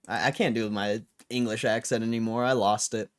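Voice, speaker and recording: A man's voice: lowish voice, fairly even intonation, a little fast, few pauses. A young man hosting a livestream, chatting casually and reading viewer comments with a laid-back, rambling manner full of slang. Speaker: livestream host.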